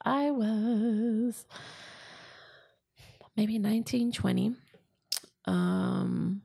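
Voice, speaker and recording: A woman's voice: mid-range voice, level tone, drawn-out words, gravelly, long pauses, mellow, slightly rough. A woman in her twenties telling a personal story in casual chat, with lots of fillers.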